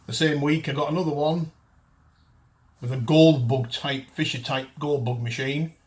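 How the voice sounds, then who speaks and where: Blunt man in his fifties, ranting. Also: medium pitch. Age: 50s. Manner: blunt, ranting, frequent restarts. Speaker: detecting show host and dealer. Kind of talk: casual chat to camera.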